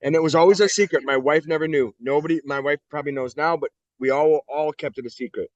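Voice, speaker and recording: A man's voice: fairly high pitch, fast talker, no room sound. A middle-aged man from the United States recounts his story as an interview guest, blunt and profane, acting out the other people in it as he goes. The recording is dull and lo-fi, and dry with no room sound. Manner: blunt, profane, animated retelling. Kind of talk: candid storytelling.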